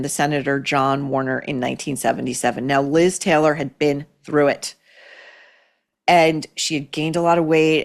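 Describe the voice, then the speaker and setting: Blunt, sarcastic woman podcast host. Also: fairly low pitch. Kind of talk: opinionated commentary.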